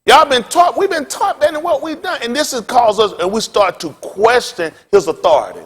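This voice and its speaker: A man's voice: very high voice, very animated, a little fast, breathy edge. A male pastor preaching a blunt, profane sermon, telling stories with laughter. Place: synagogue hall. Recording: long hall reverb.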